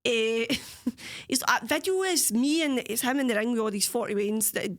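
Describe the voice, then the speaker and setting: A Scottish woman co-hosting a casual podcast with a fairly high voice. She tells stories in an animated way, swearing freely and mimicking the people she talks about. The sound is close and dry. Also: moderate pace, dry recording. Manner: animated storytelling, swears freely, imitates others. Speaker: podcast co-host. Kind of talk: casual chat.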